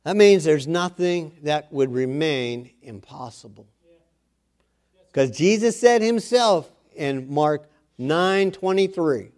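A man's voice: on the high side, a little mellow. A man preaching a sermon, earnest, with self-deprecating asides, rising in force when he exhorts.

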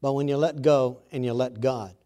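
A man preaching a sermon, telling a story and then speaking earnestly and quietly to his listeners. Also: medium pitch, fairly even intonation. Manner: slow, earnest, softening into quiet intimate tones.

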